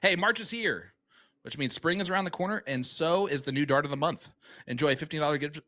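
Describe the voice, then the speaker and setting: A man's voice: mid-range voice, bright, forceful tone. A man hosting a live darts stream, commentating and reading sponsor promos in an upbeat, chatty way.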